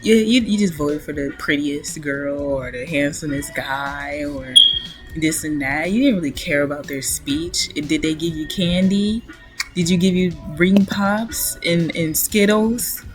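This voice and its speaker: Blunt, opinionated woman with a low voice. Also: a little slow, faint music behind. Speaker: commentary vlogger. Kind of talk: casual reaction commentary.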